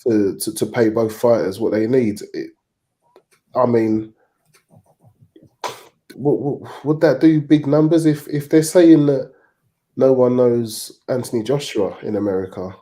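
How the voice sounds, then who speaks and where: A British man on a boxing talk show panel, measured and sceptical in tone. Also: mid-range voice, dark tone.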